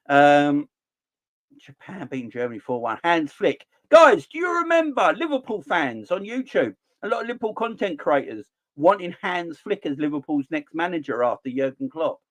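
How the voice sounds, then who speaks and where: A young man hosting a fan livestream in casual, jokey, blunt chat. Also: mid-range voice. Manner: animated, jokey, blunt slang. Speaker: fan channel host.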